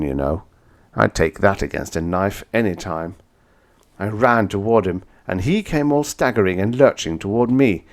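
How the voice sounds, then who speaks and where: A man reading a vintage science fiction story aloud in first person, dramatic, going from hushed to shouting. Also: sits low. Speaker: audiobook reader.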